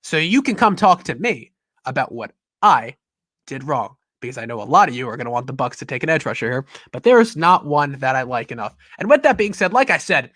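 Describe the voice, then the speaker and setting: Bright-voiced man hosting a podcast. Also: on the high side, no echo, studio quality. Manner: rambling, self-interrupting. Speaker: podcast host. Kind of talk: casual football draft talk.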